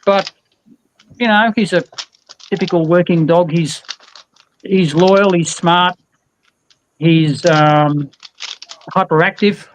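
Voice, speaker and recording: A man co-hosting a livestream, talking casually about his dog in a relaxed, rambling way. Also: high-pitched, slow pace, pauses often, slight background noise, poor audio. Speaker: co-host, dog owner. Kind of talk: casual chat.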